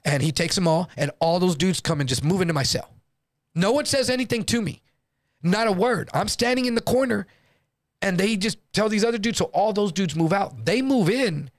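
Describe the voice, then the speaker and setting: A man from Texas, a guest comedian, telling a story in an animated, profane, slang-heavy way. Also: high-pitched, normal speed, no echo, clean studio sound. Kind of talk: casual storytelling.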